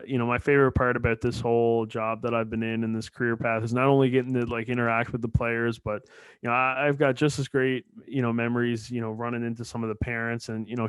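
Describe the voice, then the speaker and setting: A man's voice: mid-range voice, clear, resonant tone, dry recording. A man from Newfoundland hosting a podcast interview, chatty and hesitant with many fillers. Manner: friendly, filler-heavy, hesitant. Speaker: podcast host. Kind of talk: casual interview.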